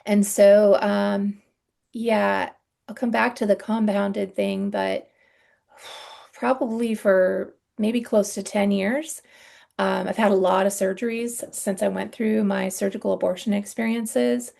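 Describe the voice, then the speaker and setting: An earnest middle-aged woman telling her own story in a podcast interview. Her voice has a gravelly, creaky edge and a middling pitch. She talks haltingly, with soft sighs and many ums. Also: steady tone. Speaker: guest sharing her story.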